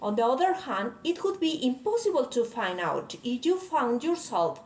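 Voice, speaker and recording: A woman's voice: high voice, very animated, normal speed, darkish tone. A woman whose first language is Spanish, carefully reading a prepared explanation as a student presenter. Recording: echoey room, faint ambient noise.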